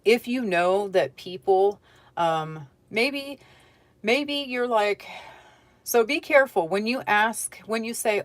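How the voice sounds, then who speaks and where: A woman with a mid-range, expressive voice gives a casual tarot reading at a slow pace, with no echo in the recording. She speaks directly to the viewer, chatty and full of advice, frequently checking in with "okay?"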